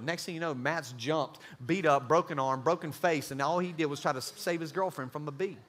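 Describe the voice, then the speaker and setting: A young man preaching a youth sermon, joking and acting out quick bits of dialogue. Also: fairly high pitch, fairly bright tone, slight background noise. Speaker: youth pastor.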